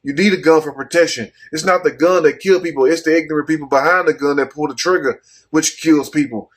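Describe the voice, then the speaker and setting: A man's voice: on the high side, brisk, slightly rough. Blunt man riffing on news. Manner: blunt, cussing, rhetorical asides. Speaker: commentary host. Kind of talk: casual commentary reading news.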